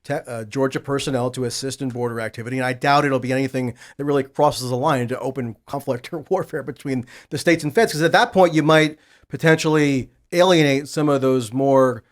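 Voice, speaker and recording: A man's voice: mid-range voice, fairly even intonation. A man speaking as a guest on a casual panel discussion, blunt and sardonic. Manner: blunt, sardonic, rapid talker. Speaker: podcast guest.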